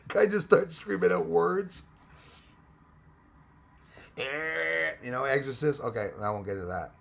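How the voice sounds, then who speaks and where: In his casual livestream, a Canadian man reads the chat aloud, welcomes viewers by name, and jokes while rambling. His voice is a little high and creaky.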